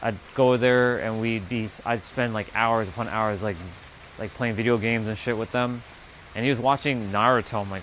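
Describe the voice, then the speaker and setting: Profane, animated man chatting on livestream. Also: fairly low pitch, moderate pace, a little hiss or hum. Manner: profane, animated storytelling with mocking quoted asides. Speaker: livestream host. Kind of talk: casual livestream chat.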